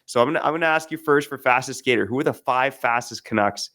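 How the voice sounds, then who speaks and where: A man's voice: medium pitch, fast talker, sharp tone. A man co-hosting a sports podcast, talking in a casual, easygoing way with frequent hesitations. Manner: easygoing, hesitant with many fillers. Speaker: podcast co-host.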